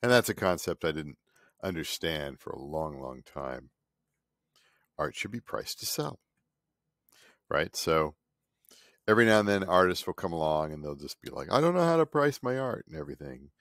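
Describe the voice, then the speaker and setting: His pitch is extremely low, yet he's animated, talking at normal speed with frequent pauses and a slightly bright tone. This man in his fifties, an artist vlogger in his home studio, gives a cranky, sarcastic, rambling monologue that mocks others; the recording is dry and clean.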